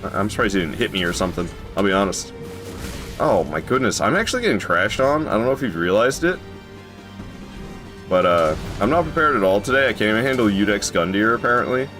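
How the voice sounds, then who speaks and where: A man streaming a video game, chatting casually with his viewers and joking, who jumps into high yelps when something surprises him. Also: expressive, quick pace, a bit bright, soft background music. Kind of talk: casual live gameplay commentary.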